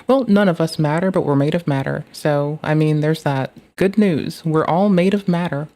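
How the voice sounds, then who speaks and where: A speaker chatting in a casual, rambling way with a deadpan, nihilistic and profane manner. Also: mid-range voice, normal speed.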